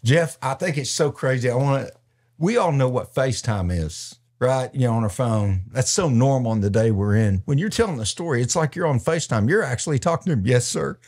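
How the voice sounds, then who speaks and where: A man's voice: mid-range voice, expressive, a little fast, a little mellow. A man hosting a faith podcast, talking in an earnest, preacherly way and quoting scripture. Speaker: podcast host and minister. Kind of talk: preaching commentary in a podcast chat.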